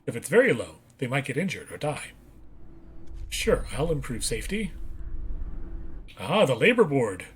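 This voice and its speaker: A man talks through a strategy game in a relaxed, casual way, reading out prompts and correcting his own words. His pitch moves a lot, rising and dipping as he reacts, with a faint hiss of noise behind him. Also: normal speed, long pauses. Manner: reads on-screen text aloud, corrects himself. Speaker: let's play gamer. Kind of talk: casual gameplay commentary.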